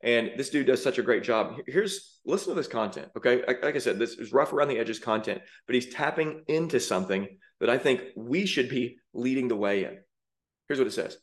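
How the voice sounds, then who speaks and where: A man's voice: mid-range voice, expressive, brisk. A man preaching with fiery indignation, rising to emphatic peaks as he reacts to song lyrics. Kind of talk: sermon-style commentary.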